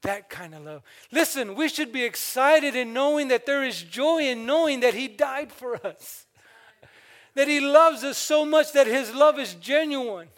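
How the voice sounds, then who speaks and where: A man's voice: very high-pitched, unhurried, a bit bright. An older man preaching a sermon, exhorting the congregation and calling out for amens. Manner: exhorting, calls for amens and asks the congregation questions.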